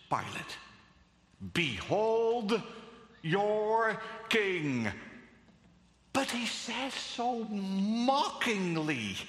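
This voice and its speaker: A man preaching a sermon, dramatic and emphatic, swinging between loud and hushed delivery. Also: high voice. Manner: slow and emphatic, with long pauses. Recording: echoey hall.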